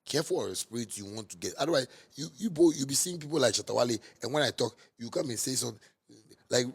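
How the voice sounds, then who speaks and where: A man with a Ghanaian Pidgin English accent delivering a heated, scolding monologue that repeats and mocks, bursting into sudden loud outbursts. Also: mid-range voice, lively intonation, quick pace, gravelly, husky. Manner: repetitive and mocking. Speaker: musician. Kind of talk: ranting monologue.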